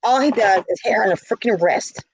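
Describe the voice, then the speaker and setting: A woman's voice: mid-range voice, a little fast, slightly rough, dry recording, low-quality recording. A middle-aged woman telling a story in a casual vlog, heated and indignant. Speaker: vlogger.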